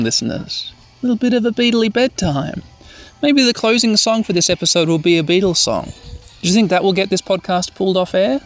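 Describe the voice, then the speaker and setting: A man's voice: a little high, expressive, fairly quick, soft background music. A man hosting a casual bedtime podcast, playfully recapping a cartoon and acting out bits of the characters' lines. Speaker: podcast host.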